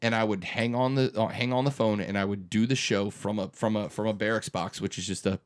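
A man's voice: fairly low pitch, fairly even intonation, fairly quick. A man in his thirties who hosts a radio morning show, speaking in an earnest, emphatic way with frequent restarts during a conversational interview.

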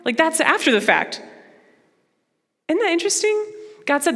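A young woman giving a personal testimony talk to a Christian audience in an earnest, conversational, expressive way. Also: sits high, moderate pace, pauses often. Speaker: Christian speaker. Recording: long hall reverb.

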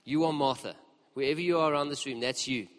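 A preacher telling a story in a sermon, lively and conversational as he speaks to the congregation in a church hall. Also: medium pitch, quick pace. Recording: long reverb of a large hall.

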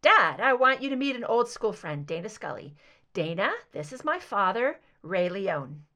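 A woman's voice: medium pitch, big pitch swings, moderate pace, bright, forceful tone. A woman doing a cheerful oblivious young man. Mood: friendly. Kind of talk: audiobook reading of fan fiction.

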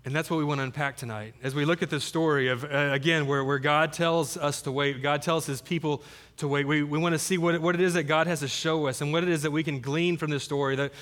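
A man's voice: a little high, steady tone, fast, a bit bright. A man preaching a sermon as pastor, earnest, often repeating words as he builds his point.

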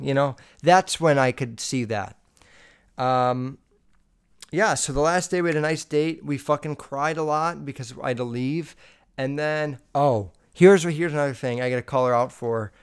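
Young male podcast host, foul-mouthed storyteller, slightly high, smooth voice. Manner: blunt, profane, animated storytelling. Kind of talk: casual solo podcast chat.

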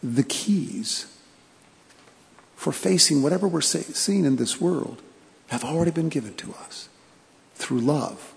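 Male pastor, sermon storyteller, slightly high voice with vocal fry, reverberant sanctuary. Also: lively intonation. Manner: storytelling, with pauses for emphasis and repeated phrases. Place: church sanctuary. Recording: long church reverb.

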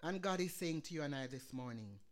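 A woman's voice: deep voice, lively intonation, fairly quick. A woman preaching a sermon, quoting scripture and building to fervent emphasis.

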